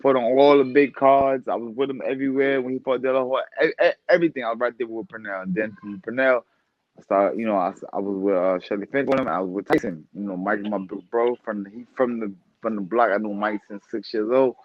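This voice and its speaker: A boxer talking casually as a podcast guest, animated and profane, often laughing. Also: male voice, lowish voice, a little fast, no echo, muffled recording. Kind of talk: casual interview talk.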